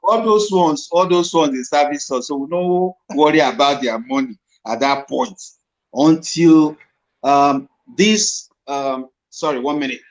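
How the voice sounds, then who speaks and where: With a fairly high pitch and a slightly slow delivery, a middle-aged man with a Nigerian accent recounts stories as a guest actor in an informal interview. He's animated, slips into Pidgin, and the recording is dull and lo-fi.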